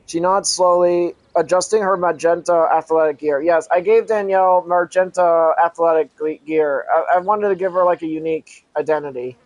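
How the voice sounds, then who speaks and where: A man reading an adventure story aloud as a channel host, halting, correcting himself and breaking off for casual asides. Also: on the high side, steady tone, no echo, rough recording. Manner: halting reading with frequent self-corrections and restarts.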